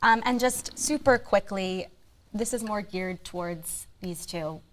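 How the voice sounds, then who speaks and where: A young woman with an American accent, a graduating student host who chats in a warm, gushing way. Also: mid-range voice, a little slow. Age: young adult. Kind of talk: casual chat.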